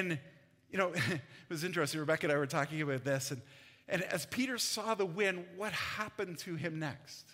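A man's voice: fairly high pitch, pushed and bright. A man preaching a conversational sermon as pastor, laughing often between his points. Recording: long hall reverb.

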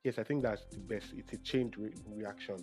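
A man's voice: fairly low pitch, fairly even intonation, normal speed, darkish tone, faint music behind. A young Nigerian man talking casually in a solo monologue, emotional and often correcting himself mid-sentence. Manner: chatty, self-correcting, emotional.

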